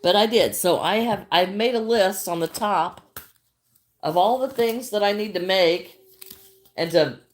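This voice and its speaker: A woman's voice: medium pitch, unhurried. An older woman chatting casually on her crafting livestream, greeting viewers by name and often repeating herself. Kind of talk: casual livestream chat while crocheting.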